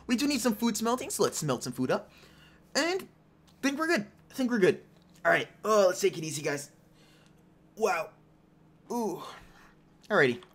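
A man's voice: on the high side, a bit bright. Chatty young man commentating his gameplay. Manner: chatty, self-talking, teasing other players. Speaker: gaming YouTuber.

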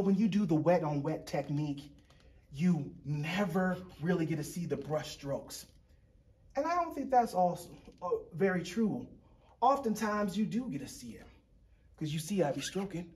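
A man's voice: on the high side, expressive, moderate pace, darkish tone, slight background noise. A man hosting a painting demonstration, talking in a playful, chatty, joking way as he walks viewers through each step. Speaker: painting show host.

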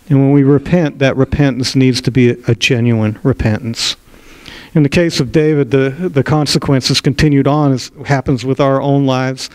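A man's voice: medium pitch, a little mellow, clean tone, no room sound, poor audio. Male pastor retelling a Bible story. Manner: narrative storytelling with small restarts. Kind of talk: sermon.

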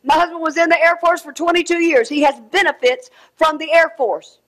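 A middle-aged woman preaching a sermon, swinging between shouted exhortation and quiet asides. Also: very high-pitched, fairly even intonation, a little fast.

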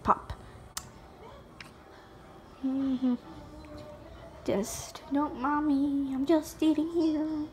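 A young woman giving casual gameplay commentary, excitable, gasping and dropping to whispers while she plays. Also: sits high, drawn-out words, long pauses. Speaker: gamer. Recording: faint music behind.

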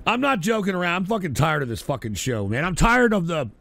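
A man hosting a livestream, ranting bitterly and profanely, with wild swings between shouted outbursts and tired, low muttering. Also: big pitch swings, fast talker, vocal fry. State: drinking, weary. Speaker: livestream host. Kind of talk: angry livestream rant.

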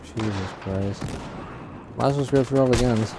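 A man's voice: mid-range voice, very animated, moderate pace, mellow, slight background noise. Frustrated swearing man over gunfire. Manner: frustrated, swearing, exasperated outbursts. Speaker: gaming channel host. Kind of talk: live gameplay commentary. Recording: game gunfire behind voice. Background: gunfire and explosions from the game.

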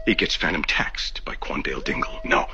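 A man voicing a parody of a menacing middle-aged male teacher turned villain in a comedic meme voiceover, intense with sudden loud demands. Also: very deep voice, normal speed, whispered. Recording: dull lo-fi clip with music.

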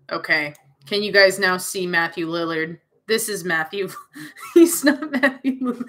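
Bright-voiced young woman streamer, rambling. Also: fairly low pitch. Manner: rambling, self-interrupting, giggly. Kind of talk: reading a visual novel aloud with chatty asides.

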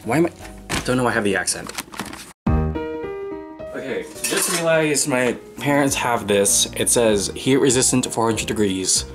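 A young man talks through his day off in a casual vlog, cracking self-mocking jokes as he goes. His voice sits at an ordinary middle pitch. Clear background music plays under him the whole time. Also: lively intonation, normal speed, pauses often. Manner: self-mocking, joking asides to the viewers. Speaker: vlogger. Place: home kitchen. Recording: music playing behind the voice.

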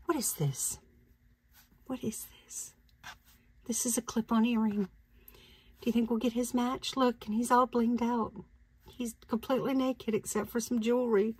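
A woman's voice: fairly high pitch, steady tone, moderate pace, long pauses, darkish tone, slightly rough, no echo. A woman reselling jewelry, chatting casually as she unboxes it, thinking aloud and laughing easily. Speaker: reseller vlogger.

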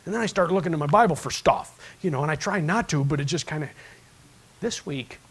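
Husky man preaching a storytelling sermon. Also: on the high side, expressive, fairly quick. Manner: conversational storytelling, acts out voices in his stories. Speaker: pastor. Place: church sanctuary.

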